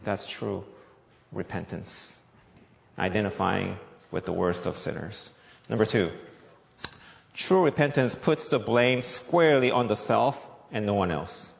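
A man's voice: on the low side, unhurried, vocal fry, long pauses. A male pastor preaching a sermon, emphatic, repeating key points and asking the audience questions. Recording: long echoey reverb.

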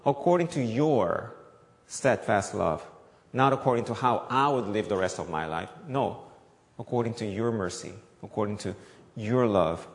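A man's voice: fairly low pitch, lively intonation, normal speed. A male pastor preaching a sermon, emphatic, repeating key points and asking the audience questions. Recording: long echoey reverb.

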